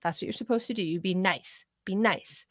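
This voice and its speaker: A middle-aged woman co-hosting a casual political chat show, talking in an animated way, often laughing and sometimes swearing. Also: medium pitch, brisk, no echo. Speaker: co-host.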